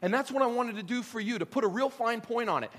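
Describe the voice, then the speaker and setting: A man preaching a sermon as pastor, joking and animated, swinging from loud lines to hushed ones. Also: very high-pitched, fast.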